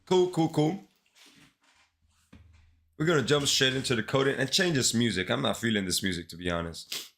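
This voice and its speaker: This developer is livestreaming, chatting casually with viewers in relaxed slang while sounding congested and sick. His voice sits at a medium pitch with a fairly bright tone, moving at normal speed with long pauses.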